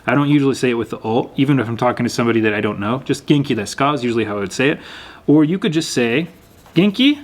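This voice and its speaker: A young man teaching a language lesson, patiently repeating words slowly and clearly. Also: mid-range voice. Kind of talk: explaining lesson.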